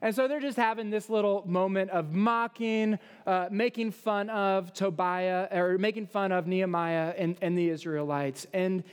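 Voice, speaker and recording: High-voiced man preaching in a hall. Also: fairly even intonation, normal speed, few pauses, clean tone. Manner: conversational preaching with fillers and acted-out quotes. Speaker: pastor. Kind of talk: sermon.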